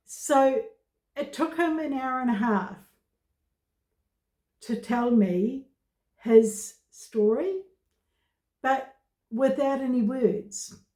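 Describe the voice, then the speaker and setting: A woman vlogger talking to camera about her own experience, in slow, halting speech with many pauses and fillers. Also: sits high, mellow, echoey room. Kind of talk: casual personal talk to camera.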